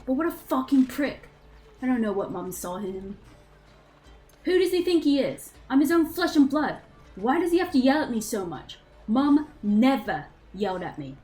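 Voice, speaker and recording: A woman's voice: medium pitch, a little mellow, natural voice, low-quality recording. Woman doing angry young Zeke, British. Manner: angry, swearing, resentful. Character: bitter young man Zeke, resentful diary writer.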